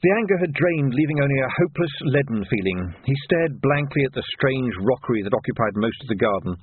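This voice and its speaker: Husky man narrating expressively. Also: mid-range voice, fairly quick, dry recording. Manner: expressive, lively storytelling. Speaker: audiobook narrator. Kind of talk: scripted narration. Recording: dry, tinny phone-like sound.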